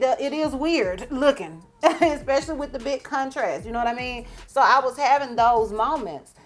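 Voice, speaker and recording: Chatty woman telling a story. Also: on the high side. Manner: chatty, laughs often, acts out quotes. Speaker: beauty vlogger. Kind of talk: storytime vlog.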